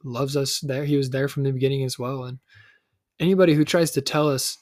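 A woman's voice: very deep voice, fairly even intonation, a little fast, darkish tone, no room sound, studio quality. A woman hosting a faith podcast, teasing and encouraging her younger sister as guest. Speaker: podcast host. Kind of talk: casual faith podcast chat.

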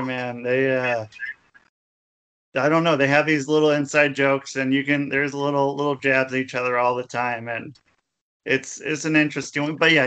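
A man with a smooth, resonant voice chatting casually as a podcast co-host. He is laid-back and rambling and swears often. His pitch stays in a plain middle range. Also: a bit bright. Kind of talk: casual wrestling chat.

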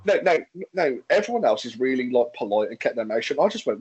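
A man's voice: medium pitch, very animated, quick pace, darkish tone, slightly rough, lo-fi sound. A man with a Birmingham accent chatting casually, telling stories bluntly and swearing freely. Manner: blunt and sweary, acting out quotes. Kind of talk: casual chat, storytelling.

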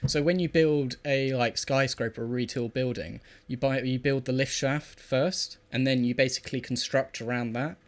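A man's voice: medium pitch, steady tone, normal speed, hardly any pauses. A man co-hosting a podcast, teasing his friends and explaining things in a level, matter-of-fact way. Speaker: podcast co-host. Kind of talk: casual chat.

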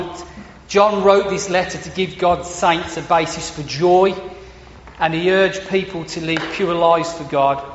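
A man preaching a sermon, emphatic, repeating words for stress and asking rhetorical questions. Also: on the high side. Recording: echoey hall, dull lo-fi sound, faint hiss.

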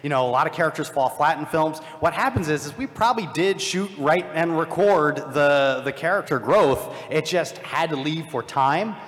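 A man's voice: a little high, lively intonation, normal speed, few pauses. A man speaking as a filmmaker on a live convention panel, joking and self-deprecating as he explains how films get cut. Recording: hall reverb from a live stage.

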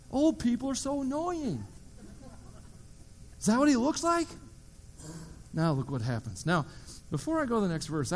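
Animated high-voiced preacher man. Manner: animated storytelling with joking asides. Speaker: pastor. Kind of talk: sermon.

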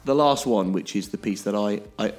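A man with a fairly low voice, co-hosting a podcast. He explains things emphatically and keeps checking that his listener is following. Faint music plays underneath. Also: normal speed, darkish tone. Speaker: podcast co-host.

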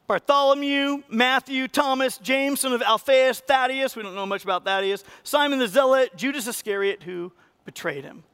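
A man preaching a sermon as pastor, animated and acting out quoted voices with sudden rises in pitch and loudness. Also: smooth.

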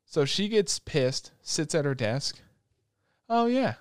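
A young man in casual chat, retelling anime episodes with lots of swearing, and slipping into quick put-on voices for the characters. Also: on the high side, clean tone, no room sound, studio quality. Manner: profane, animated storytelling with quick put-on voices. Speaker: podcast co-host recapping an anime.

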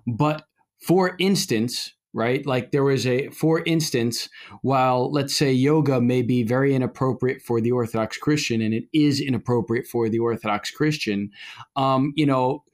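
Rambling middle-aged priest co-hosting a podcast. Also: male voice, medium pitch, normal speed. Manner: rambling, frequent fillers and restarts. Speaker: podcast co-host, Orthodox priest. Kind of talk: casual conversational podcast talk.

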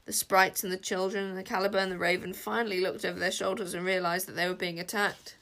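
A woman's voice: on the low side, little pitch movement, fast, a bit bright. Woman narrating a storybook with drama. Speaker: audiobook narrator.

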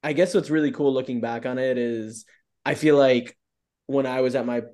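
A man's voice: mid-range voice, steady tone, normal speed, mellow. A man telling stories as a podcast guest, upbeat and open, often using "like" as filler. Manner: upbeat, open storyteller who leans on "like" a lot. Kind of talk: casual interview chat.

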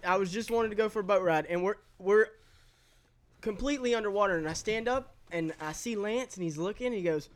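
A young man excitedly telling a story among friends, halting and piling on details. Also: high-pitched.

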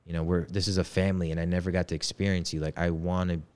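A man's voice: deep voice, little pitch movement, quick pace, a little mellow, smooth. A man in his twenties telling a personal story in casual, slangy talk. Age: 20s. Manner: laid-back slangy talk. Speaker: podcast guest.

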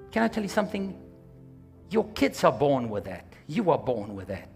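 Animated pastor man preaching. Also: medium pitch, normal speed, soft background music. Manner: exhorting, calls for amens; animated, slips into quoted voices. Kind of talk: sermon.

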